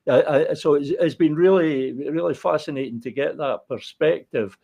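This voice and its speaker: A man from Fife in Scotland interviewing a guest, speaking in a measured way with frequent hesitations. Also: on the high side, vocal fry, mellow. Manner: measured, many "uh" fillers. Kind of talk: interview questions.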